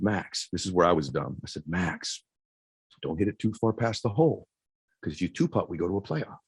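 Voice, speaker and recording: A man in his forties giving a motivational speech to a live audience, telling a story with quick, energetic delivery and loud shouts at the high points. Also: husky, dry recording. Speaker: motivational keynote speaker. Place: event stage before a live audience.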